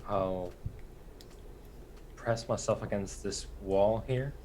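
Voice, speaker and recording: A man playing a tabletop game, speaking quietly and hesitantly. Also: fairly low pitch, takes it slowly, slight background noise, poor audio. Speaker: player.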